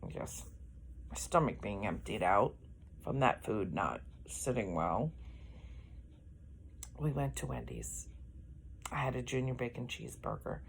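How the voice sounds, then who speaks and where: A woman's voice: a bass voice, unhurried, gravelly, long pauses, a little hiss or hum. A middle-aged woman, chatting casually in a vlog, rambling and correcting herself as she goes, yawning often. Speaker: vlogger.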